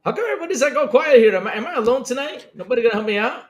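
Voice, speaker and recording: A man's voice: very high-pitched, expressive, racing. A man hosting a casual gaming podcast, joking around and calling everyone brother. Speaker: podcast host.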